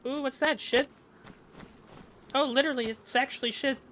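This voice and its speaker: Man doing a goofy clown voice, very high, bright and piercing, chirpy, third-person talk. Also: fairly even intonation, normal speed, a little hiss or hum. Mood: playful. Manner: chirpy, talks about himself in third person. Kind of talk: online game role-play.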